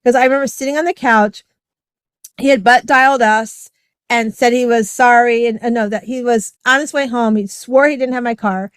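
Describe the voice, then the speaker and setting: Middle-aged woman, podcast guest, casual storytelling, fairly high voice, dry close sound. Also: steady tone, normal speed, clear, resonant tone, no echo. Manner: chatty, heavy use of "like" and "right?".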